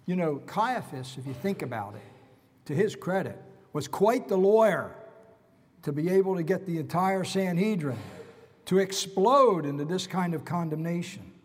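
Dramatic preacher in a reverberant hall. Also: male voice, high-pitched, expressive, moderate pace. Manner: dramatic, emphatic storytelling. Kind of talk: expository sermon.

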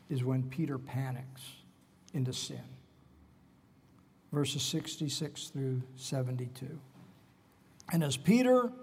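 A man's voice: fairly high pitch, a little mellow, husky, in a large hall. A man preaching an expository sermon, retelling scripture with dramatic, emphatic storytelling.

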